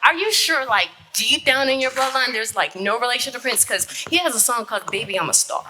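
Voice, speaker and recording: A woman's voice: fairly high pitch, lively intonation, fairly quick, background noise. A woman speaking in a sassy, incredulous, playful way in a comedic stage skit.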